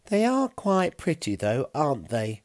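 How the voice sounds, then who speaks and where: A man voicing a soft, friendly Stone Age girl who talks gently and with amusement. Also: fairly high pitch, huge pitch swings, a little slow, no room sound, studio quality, pitched above the performer's own voice. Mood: gentle.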